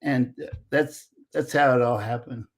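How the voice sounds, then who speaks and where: A man in his sixties, an interview guest telling a lively anecdote and acting out the dialogue. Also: medium pitch, unhurried. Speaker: interview guest, former Olympic wrestler. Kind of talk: casual storytelling.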